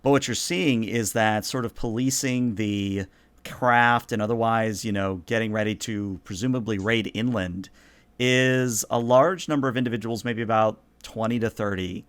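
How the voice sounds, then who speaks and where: A man narrating a tabletop role-playing game as game master, in a relaxed, meandering way. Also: mid-range voice, smooth, no room sound.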